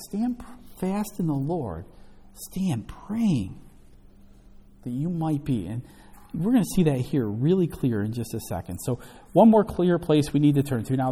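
Animated preacher in a reverberant hall. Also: male voice, a little high, breathy edge. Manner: emphatic, animated preaching with scripture reading. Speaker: pastor. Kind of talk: sermon, Bible teaching.

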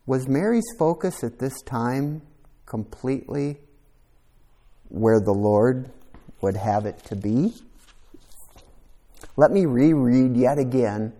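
A man's voice: mid-range voice, warm tone. A man preaching a conversational sermon, reflective and thinking aloud, sometimes repeating a word as he goes. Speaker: pastor.

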